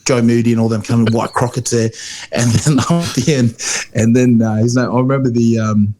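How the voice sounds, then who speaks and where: A man's voice: mid-range voice, steady tone, brisk, mellow. Man, rugby podcast co-host, casual rambling storyteller with lots of fillers. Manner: storytelling, many fillers and restarts, acts out quotes. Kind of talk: casual chat.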